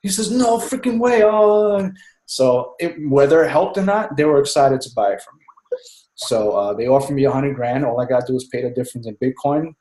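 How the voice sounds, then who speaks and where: A man talking in casual chat on a group call, excited and rambling, who keeps saying "man.". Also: medium pitch, brisk, reverberant, rough recording. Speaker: team member speaking on a group call.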